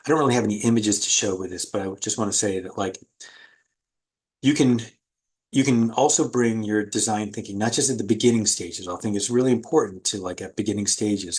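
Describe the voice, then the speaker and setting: A man's voice: on the low side, fairly quick, darkish tone, husky. A man giving a casual recorded art lecture over screen share, thinking aloud with many fillers. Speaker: art instructor.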